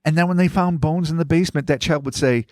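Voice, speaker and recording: A man's voice: on the high side, quick pace, a little mellow, no echo, studio quality. A man hosting a podcast who reads listener stories aloud and riffs on them in a rambling, profane, joking way. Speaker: podcast host. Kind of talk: casual podcast chat and story reading.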